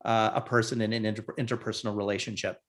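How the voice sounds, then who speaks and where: A man's voice: on the low side, little pitch movement, fast. A man hosting an interview, affirming his guest and posing long, detailed questions. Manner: friendly, affirming listener who poses long questions. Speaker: interview host.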